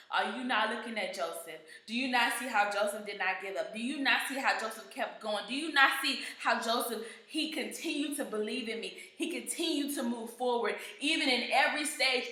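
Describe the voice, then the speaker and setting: A woman voicing God as a solemn, stern figure, asking slow, hushed, insistent questions. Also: a little high, roomy sound, voice pushed down.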